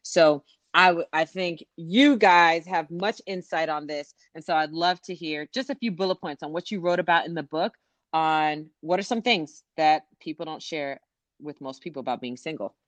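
A woman's voice: low voice, moderate pace, no room sound, dull audio. A woman co-hosting a podcast, talking in a hyped, playful way and laughing easily. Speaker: podcast co-host. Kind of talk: casual podcast chat.

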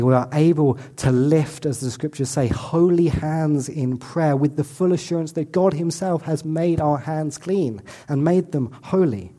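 A male pastor delivers a sermon in church, earnest and direct, breaking into playful asides. His voice sits a little high for a man yet sounds mellow and warm.

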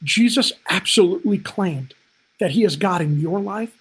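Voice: medium pitch, animated, normal speed, breathy edge. A pastor preaching a livestreamed sermon, impassioned and direct, building to emphatic peaks and calling listeners to respond in the chat. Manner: frequent "man" interjections, direct address.

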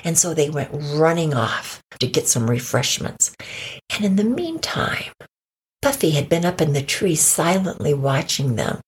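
A woman improvising a children's story, voicing the characters with big jumps in pitch and dropping into whispers. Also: big pitch swings, a little slow, slightly rough.

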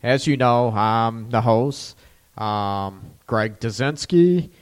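A man's voice: mid-range voice, slow, clear, resonant tone. A middle-aged man hosting a call-in radio talk show from his counseling office, tired and loose, with lots of fillers. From Michigan. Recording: long hall reverb.

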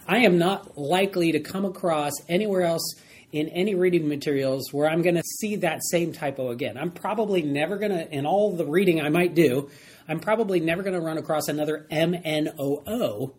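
A man teaching a Bible study lesson, animated and emphatic, repeating key phrases as he explains. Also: on the high side, slight background noise.

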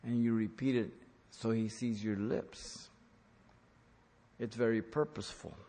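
A man's voice: fairly low pitch, fairly even intonation, measured pace, mellow. Man preaching a sermon in a reverberant hall. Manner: earnest, repeats for emphasis. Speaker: pastor.

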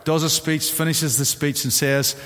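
A man with a Northern Irish accent preaching a sermon as pastor, in an animated, theatrical way. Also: a little high, moderate pace. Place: church sanctuary. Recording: long church hall reverb.

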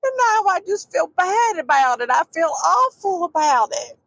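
A woman's voice: extremely high pitch, sing-song, extremely slow, fairly bright tone, no echo, voice pushed up, exaggerated voice, poor audio. A woman voicing an upset, ashamed older grandmother who is crying and wailing. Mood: crying distress.

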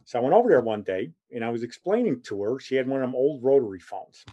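A man, telling a family story in a loose, rambling way. He chuckles as he goes and keeps slipping into animated quotes of the people in it. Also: medium pitch, fast, dull audio. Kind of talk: casual anecdotal storytelling.

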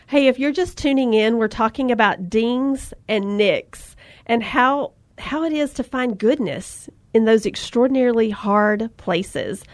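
A woman's voice: a little high, measured pace, dry recording. A woman hosting a faith-based podcast, chatting and speaking encouragement with emotion. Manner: warm, emotional, preaching encouragement. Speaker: podcast host.

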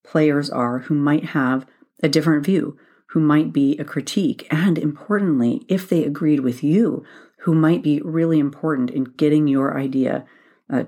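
A woman's voice: deep voice, darkish tone. A woman hosting a solo leadership advice podcast, speaking in an instructive, methodical way and repeating points for emphasis. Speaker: podcast host, leadership coach.

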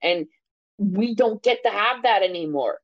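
A woman's voice: mid-range voice, lively intonation, unhurried, no echo, lo-fi sound. A woman co-hosting a podcast, talking passionately in casual discussion, swearing freely and often checking in with "right?". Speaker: podcast co-host.

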